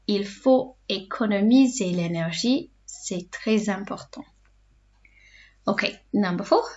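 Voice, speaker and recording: Woman, French teacher, patient step-by-step explanations, muffled lo-fi recording. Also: mid-range voice. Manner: patient, explains step by step, repeats phrases slowly. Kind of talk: recorded online lesson. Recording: dull lo-fi recording.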